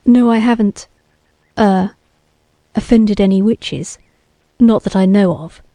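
A woman's voice: mid-range voice, slow pace, dark tone, dry recording. A woman reading the lines of a timid older man who speaks hesitantly and nervously. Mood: sad.

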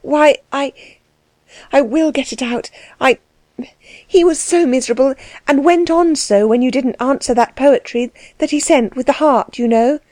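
Woman doing mischievous young girl, blurting, halting, defiant, mellow, dry. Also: high-pitched, no echo, pitched above the performer's own voice, lightly acted. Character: frank, mischievous young girl, blunt and impulsive.

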